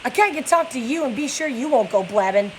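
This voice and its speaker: A woman's voice: sits high, animated, brisk, slight background noise, voice pushed up, poor audio. A woman reading the lines of a weary, bitter middle-aged male stable hand in a plain read-aloud voice.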